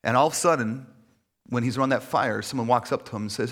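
A man's voice: medium pitch, quick pace, fairly bright tone. A male pastor preaching a sermon in a conversational, self-deprecating way, with many fillers.

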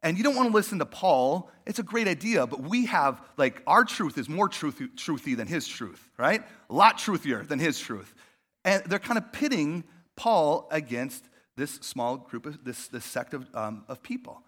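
Male pastor, conversational sermon, high-pitched, bright and expressive delivery. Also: moderate pace. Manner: animated, conversational, tosses in "right?" and "like". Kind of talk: casual sermon.

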